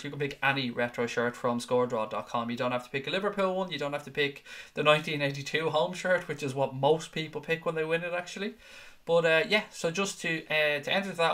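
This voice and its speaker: A man's voice: medium pitch, fairly bright tone. Guy hosting a live stream, jokey and sweary, reads out comments, mid-range voice. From Ireland. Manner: chatty, jokey and profane, teasing his co-hosts. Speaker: host of a fan channel live show. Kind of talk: casual live-stream chat reading viewer comments.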